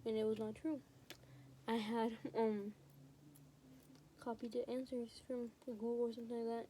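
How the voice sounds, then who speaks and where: A woman's voice: a little high, little pitch movement, normal speed, dark tone, slight background noise. A teenage girl vlogger telling a school story in casual storytime chat, rambling with lots of fillers, recorded on a phone. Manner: rambling, heavy use of fillers like "like" and "you know". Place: home, recording while doing nails.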